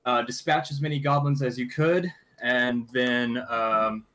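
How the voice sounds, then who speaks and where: A man narrating a tabletop game as game master, halting with frequent fillers and restarts. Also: medium pitch, level tone, sharp tone. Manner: halting, many fillers and restarts while recapping.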